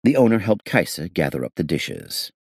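A man reading a detective novel aloud as an audiobook narrator, shifting his pitch to voice the characters. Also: huge pitch swings, normal speed, creaky, slightly rough, no echo, clean studio sound.

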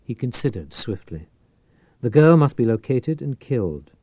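A man's voice: medium pitch, very animated, normal speed, warm tone, slightly rough, no echo. A man narrating a thriller audiobook in a dramatic, tense reading with shifting pace. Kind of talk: scripted narration.

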